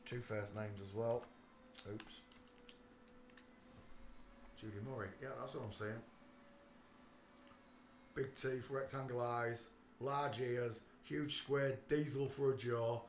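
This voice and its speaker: A man hosting a casual livestream, talking emphatically and swinging between quiet muttering and loud outbursts. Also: mid-range voice, steady tone, slow, long pauses, echoey room, a little hiss or hum. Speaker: livestream host.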